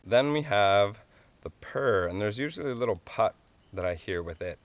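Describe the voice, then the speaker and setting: A man's voice: on the low side, lively intonation, moderate pace, dry recording. A man teaching a hands-on tutorial on calling wildlife, explaining in an easygoing, folksy way and chuckling often.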